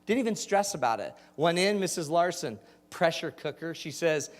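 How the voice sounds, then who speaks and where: A Utah man in his forties gives a storytelling keynote as a motivational speaker, sharing funny personal stories and quizzing the audience. He is animated and jokey, with a slightly high voice at normal speed, recorded in a hall with long reverb.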